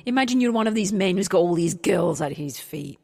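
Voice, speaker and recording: A woman co-hosting a podcast in quick, chatty comedic banter. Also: on the low side, lively intonation, gravelly, darkish tone, in a large hall. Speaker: podcast co-host. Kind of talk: comedy sketch and casual chat.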